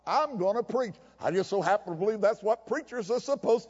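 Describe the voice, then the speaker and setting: A man's voice: high voice, lively intonation, brisk, hardly any pauses, darkish tone, husky, in a large hall, dull audio. A man preaching a sermon in a chapel service, emphatic and folksy, with jokes.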